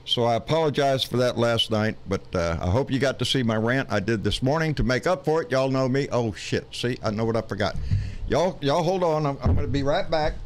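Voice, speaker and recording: A man's voice: mid-range voice, animated, a little fast, a little hiss or hum. A man with a Texan accent hosting a live political stream, folksy and rambling, swearing often with lots of fillers.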